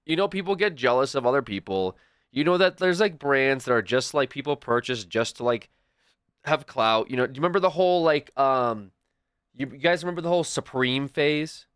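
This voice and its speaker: A man's voice: mid-range voice, lively intonation, brisk, fairly bright tone, clean tone, no room sound. Rambling young man streamer, dry sound. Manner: rambling, restarts and storytelling asides. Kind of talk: casual chat to stream viewers.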